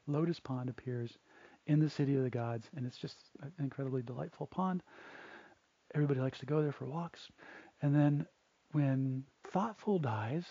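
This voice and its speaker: Gravelly, husky monk telling a story. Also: male voice, fairly high pitch, mellow, dry recording, highs cut off. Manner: casual, chatty retelling with fillers and chuckles. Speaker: Buddhist monk. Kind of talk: storytelling dharma talk.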